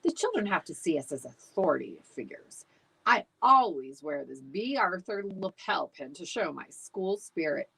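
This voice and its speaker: A woman's voice: lowish voice, very animated, moderate pace, creaky, fairly bright tone, breathy edge, full character voice. Figure: woman playing a prim, proud female teacher in a storybook. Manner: self-satisfied.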